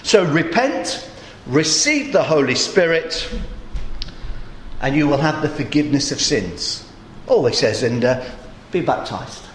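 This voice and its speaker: A man preaching a sermon in a conversational storytelling way, his voice a little groggy and hoarse. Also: a little high, reverberant, slight background noise.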